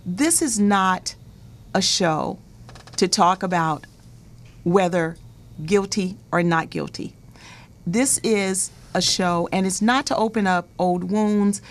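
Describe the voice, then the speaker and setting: A woman's voice: medium pitch, slow. Chatty woman hosting a talk show. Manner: chatty, laughs easily, repeats words as she goes. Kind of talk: hosting an interview show with callers.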